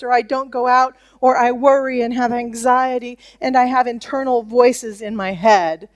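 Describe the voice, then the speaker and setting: High-voiced woman pastor, lively conversational sermon delivery. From United States. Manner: conversational preaching, animated quoted voices. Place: church.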